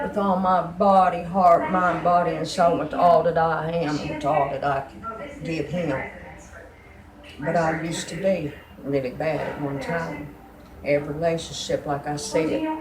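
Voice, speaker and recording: A woman's voice: fairly low pitch, echoey room, rough recording. A woman giving a fervent, emotional religious testimony.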